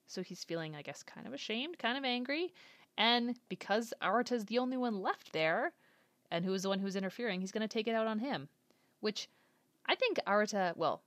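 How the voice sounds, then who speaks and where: A woman's voice: mid-range voice, a bit bright, dry recording. A woman giving casual reaction commentary on an anime episode, thinking aloud and guessing what comes next. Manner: chatty, speculative, thinking aloud.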